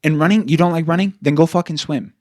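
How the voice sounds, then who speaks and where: A man co-hosting a podcast in casual chat, blunt and profane, ranting fast with lots of "like". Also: fairly high pitch, fairly even intonation, darkish tone. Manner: fast rants with repeated "like". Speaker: podcast co-host.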